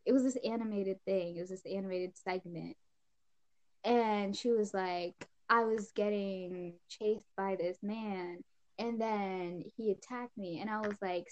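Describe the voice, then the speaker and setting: A woman's voice: mid-range voice, unhurried. A teenage girl chatting casually on a podcast, telling a story full of giggles and bursts of laughter. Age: teens. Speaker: podcast co-host. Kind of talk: casual chat.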